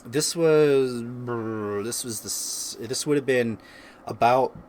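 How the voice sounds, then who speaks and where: A man's voice: mid-range voice, measured pace, darkish tone, a little hiss or hum. A man hosting a casual chat from his home by the fire, telling a story in a laid-back way and laughing often. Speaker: streamer and host. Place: at home by a fireplace.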